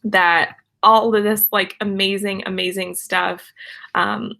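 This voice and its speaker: A woman's voice: medium pitch, little pitch movement, takes it slowly, vocal fry. A young woman hosting a casual live stream from home, gushing with thanks as she reads out viewer messages. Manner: gushing and effusive, many thanks and soft laughs.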